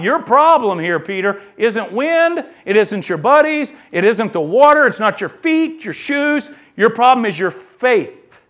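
High-voiced, animated male preacher. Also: measured pace, hardly any pauses. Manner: animated preaching, acts out quoted voices, swings from soft asides to loud emphasis. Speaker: pastor. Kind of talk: sermon.

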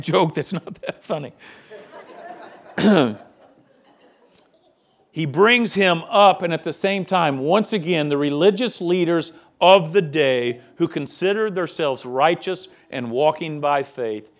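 Male pastor, higher register, impassioned sermon delivery. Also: expressive, slow, pauses often. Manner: impassioned preaching, rising and falling delivery.

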